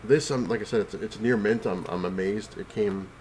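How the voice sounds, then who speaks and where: A man's voice: lowish voice, normal speed, a little mellow, slight background noise. Sick, breathless man rambling about comics. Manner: rambling, full of fillers and restarts. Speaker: comic collector vlogger. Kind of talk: casual rambling vlog. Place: home, on the couch.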